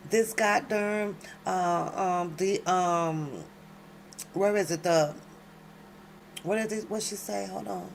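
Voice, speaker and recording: Reading documents aloud at home late at night, this commentary host speaks slowly in a gravelly, mid-range voice. She keeps interrupting herself to talk straight to her viewers, loud and emphatic, using plenty of slang, over a faint hiss or hum.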